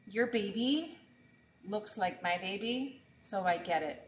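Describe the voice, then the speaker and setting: A woman chef hosts a casual cooking livestream from her home kitchen, talking straight to her viewers as she works. Her voice sits at a middling pitch and comes through an earbud mic. The room sounds echoey, with a faint frying sizzle behind her. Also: animated, slow, slight background noise. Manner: chatty, talks straight to viewers while cooking. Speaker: chef and host.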